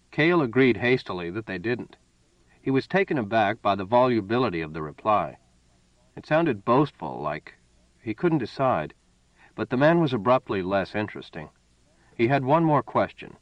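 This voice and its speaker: Man, audiobook narrator, low voice, dull lo-fi dry recording. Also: lively intonation, normal speed, dry recording. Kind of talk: scripted narration.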